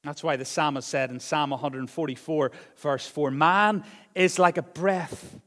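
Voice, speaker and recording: A man preaching a sermon as pastor, moving between raised, emphatic phrases and quiet, low asides. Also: unhurried, long reverb tail.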